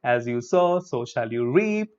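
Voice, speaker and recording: Upbeat teacher, lo-fi. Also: male voice, medium pitch, lively intonation, measured pace, a little mellow, smooth. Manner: upbeat, repeats words for drills, frequent fillers. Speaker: English pronunciation teacher. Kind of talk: live online lesson. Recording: dull lo-fi sound.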